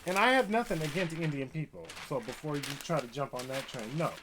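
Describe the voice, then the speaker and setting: A man's voice: a little high, sing-song, fairly quick, background noise. A man vlogging a heated commentary rant, talking in a profane, conversational way. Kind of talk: ranting commentary vlog. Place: Seattle, Washington.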